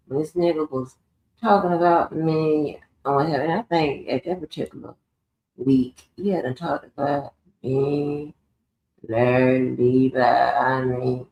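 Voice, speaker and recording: Female streamer, gravelly and hard-swearing, confrontational rant, echoey room. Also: low voice, darkish tone, lo-fi sound, a little hiss or hum. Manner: profane, confrontational, swears heavily. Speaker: live stream host. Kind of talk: ranting live stream monologue.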